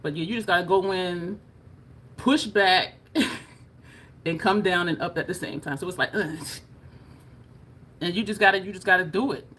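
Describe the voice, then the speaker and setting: A woman's voice: lowish voice, normal speed, long pauses, a bit bright, slightly rough. A woman vlogging to camera in a casual, chatty way, laughing often and showing her jaw as she talks. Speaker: beauty vlogger.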